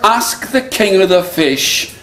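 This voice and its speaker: A man voicing a greedy, demanding woman from a fairy tale, slow and bossy. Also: high voice, lively intonation, fairly bright tone, full character voice. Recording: echoey live room with crowd noise.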